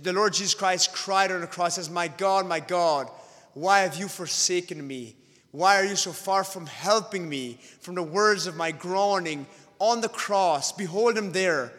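A man's voice: high voice, measured pace, a bit bright, in a large hall. A man preaching an evangelistic sermon, pleading with his listeners and rising and falling in intensity.

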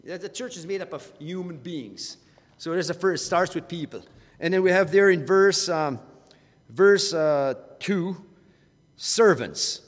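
A man's voice: sits high, measured pace, big-room sound. A man teaching a Bible study in a conversational way, often repeating words as he goes.

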